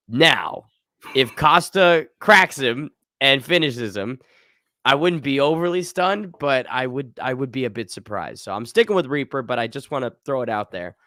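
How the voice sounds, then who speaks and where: Analytical guest, man, bright voice, dry close sound. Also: medium pitch, no echo. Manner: measured, analytical reasoning. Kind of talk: casual podcast chat.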